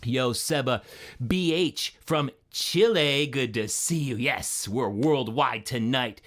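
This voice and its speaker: A man hosting a live stream, energetic and friendly, greeting chat viewers one by one by name. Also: medium pitch, takes it slowly.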